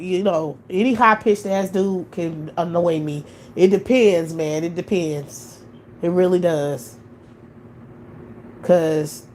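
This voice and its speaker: Lowish-voiced woman on a live stream, blunt and cussing, some faint noise behind. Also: darkish tone. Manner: blunt, profane, opinionated. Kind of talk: casual live-stream chat.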